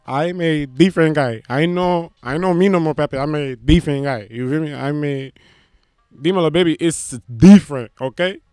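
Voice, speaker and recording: A man's voice: on the high side, a little mellow, dry recording, voice pushed up, natural voice. A comedian putting on a boastful man with a put-on Dominican-style accent, calling the listener papi and baby. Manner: swaggering, rambling, calls listener papi and baby. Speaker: stand-up comedian.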